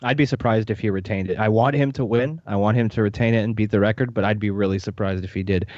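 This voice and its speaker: A blunt, opinionated man co-hosting a podcast, speaking quickly in a lowish voice. The mic sounds dry and slightly muffled. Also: steady tone, a little mellow, no echo. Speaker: podcast co-host. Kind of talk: casual chat.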